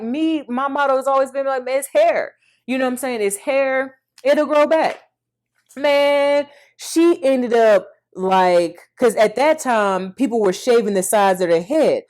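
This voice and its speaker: A woman in her thirties tells her own story to the camera in a loose, animated way, calling out to her viewers. Her voice sits a little high, and she keeps it chatty and personal even when the subject turns heavy. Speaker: vlogger.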